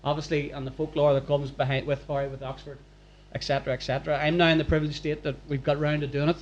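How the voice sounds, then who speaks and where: A man's voice: a little high, flat delivery, fast talker, highs cut off, a little hiss or hum. A man hosting a live podcast recording in front of a room, chatty and encouraging with questions. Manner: upbeat, chatty, prompting questions. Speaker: podcast host. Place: packed function room.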